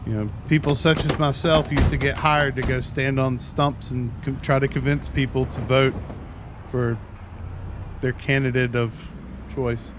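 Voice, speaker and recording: Chatty guy streaming a game, talks slow and easy, noisy background on the stream. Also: mid-range voice, fairly even intonation. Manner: chatty, rambling, self-described talker. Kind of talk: casual chat while playing.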